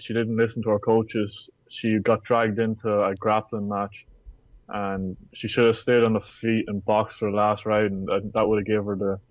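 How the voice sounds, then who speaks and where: A man giving steady, measured opinions as a guest on a casual podcast. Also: lowish voice, no room sound, lo-fi sound. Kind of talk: casual chat.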